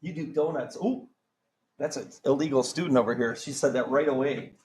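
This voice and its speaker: A man's voice: medium pitch, fairly quick, a little mellow, poor audio. A man teaching a math class, joking around and quizzing students with countdowns. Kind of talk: classroom lesson.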